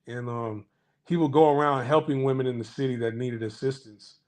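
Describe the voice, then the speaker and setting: Guy ranting straight to camera, blunt and crude, lots of stammered restarts, regular mid-pitch voice. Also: fairly even intonation, brisk, darkish tone. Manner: blunt, profane rant with repeated restarts; acts out others' voices in anecdotes. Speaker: commentary channel host. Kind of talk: casual monologue to viewers.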